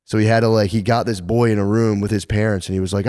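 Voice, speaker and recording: A man's voice: lowish voice, flat delivery, quick pace, a little mellow, no room sound, clean studio sound. A man co-hosting a comedy podcast, telling a story in a rambling way with lots of filler words. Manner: rambling storyteller, heavy "like" filler, acts out quotes. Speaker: podcast co-host. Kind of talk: casual comedy podcast chat.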